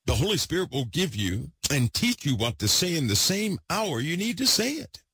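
A man preaching with great excitement, repeating himself for emphasis and swinging from loud bursts to hushed asides. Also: a little high, normal speed, husky, dry recording. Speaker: podcast host preaching. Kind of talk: impassioned preaching.

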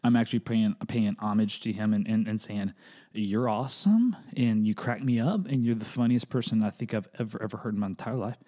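A middle-aged man hosting a comedic solo podcast, talking in an animated way that jumps into high, exaggerated bits and restarts often. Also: fast talker, hardly any pauses. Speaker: podcast host.

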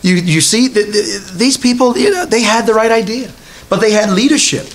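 Guy preaching in church, pretty high voice, chatty, keeps asking the crowd questions. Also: normal speed. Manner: conversational preaching with repeated rhetorical questions to the congregation. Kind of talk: sermon. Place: church hall with a congregation.

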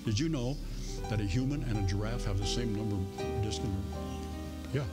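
A man preaching a sermon in a church in a folksy, humorous way, with soft music faintly behind him. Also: on the low side, a little fast. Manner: folksy and humorous, playing out voices in stories. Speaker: pastor. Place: church sanctuary.

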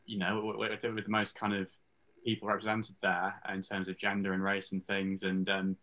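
Thoughtful male guest with a low, bright, forceful voice. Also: completely flat delivery, normal speed, rough recording. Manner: thoughtful, searching for words. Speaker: online content creator guest. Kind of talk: casual interview chat.

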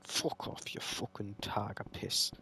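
A man's voice: measured pace, noisy background. A man doing let's play commentary, swearing and ranting at the game in mock fury. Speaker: gamer playing a horror game.

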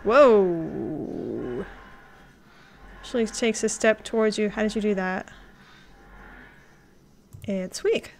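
A woman streams a game live and reads its text aloud, breaking off into excited gasps and laughs. Her voice sits at a middle pitch. A faint hum of room ambience runs underneath. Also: very slow, creaky, long pauses.

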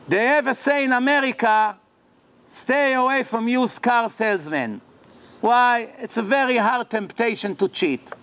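A man with a very high voice gives a religious lecture in English, a language he did not grow up speaking. He tells a long story and voices each person in it, so his pitch and loudness swing widely between narration and their lines. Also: a little slow. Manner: animated, acts out the characters' lines in the story. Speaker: rabbi. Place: lecture hall.

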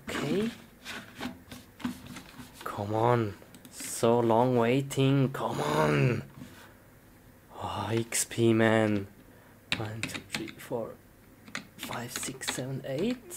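A low-pitched woman talks very slowly in simple, slightly broken English while acting out a gamer in a comedy skit. Her pitch swoops widely, and she bursts into excited shouts. Clear background noise runs under the recording.

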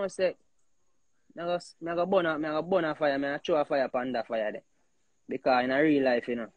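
A man with a Jamaican accent talking in patois in a rambling, animated casual chat, leaning on "you know" again and again. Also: on the high side, dry recording.

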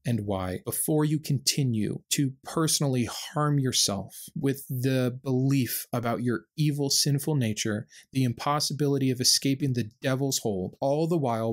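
A man hosting a reaction video, giving impassioned and earnest critical commentary. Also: mid-range voice.

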